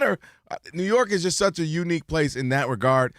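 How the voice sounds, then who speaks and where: A man co-hosting a sports talk show, chatting casually and expressively and quick to laugh along. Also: on the high side, lively intonation, a bit bright, no echo, clean studio sound. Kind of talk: casual sports radio chat.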